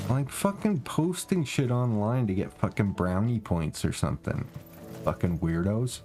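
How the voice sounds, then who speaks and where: A man's voice: on the low side, animated, normal speed, over music. A young man from Canada, a streamer ranting in casual, profane chat while he plays, laughing often.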